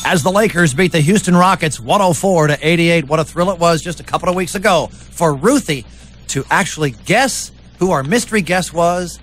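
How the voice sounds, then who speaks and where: A man's voice: a little high, fairly quick. A man hosting a morning radio show, reading sports news and joking with his co-hosts. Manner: joking, animated banter.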